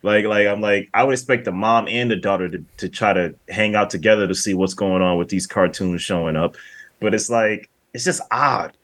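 Low-voiced man rambling about a movie. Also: moderate pace. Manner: rambling, repeats words, relaxed. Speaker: podcast co-host. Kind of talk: casual movie review chat.

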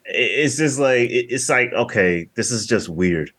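A man's voice: mid-range voice, animated, normal speed, fairly bright tone, breathy edge. A man casually chatting as a podcast co-host, rambling and often repeating his words. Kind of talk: casual movie review chat.

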